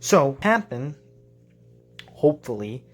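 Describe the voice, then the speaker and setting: A man of ordinary pitch talks casually as a tabletop game master in a home vlog. He rambles and thinks aloud, often correcting himself mid-sentence as he walks through his plans in his basement. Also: very animated, slow, a bit bright, soft background music.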